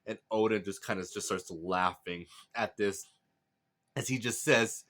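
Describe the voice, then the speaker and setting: A man's voice: fairly low pitch, measured pace, a bit bright. A man casually recapping a manga chapter, enthusiastic and rambling with many fillers.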